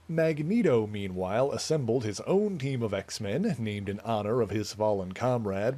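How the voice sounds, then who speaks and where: A man at home on a live game stream, speaking into a desk microphone at an ordinary mid pitch. His talk is loose and playful, wandering between what is happening in the game and teasing remarks to his cat. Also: mellow.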